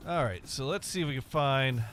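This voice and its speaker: A man's voice: medium pitch, fairly quick, fairly bright tone, a little hiss or hum. Dry-joking man hosting a game stream. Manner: rambling, dry jokes, reads chat aloud. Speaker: streamer host. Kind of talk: casual gaming stream chat. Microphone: webcam and desk mic.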